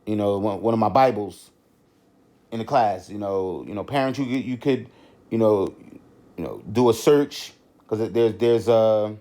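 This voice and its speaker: Off the cuff and rambling, a middle-aged man hosts his podcast with frequent restarts and endless "you know" fillers. He speaks a little slowly, in a fairly low voice with a dark tone.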